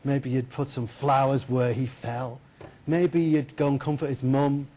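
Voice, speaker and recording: A man giving a keynote lecture, telling a story in a lively, chatty way and putting questions to the audience. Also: mid-range voice, a little slow. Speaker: keynote speaker. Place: lecture hall.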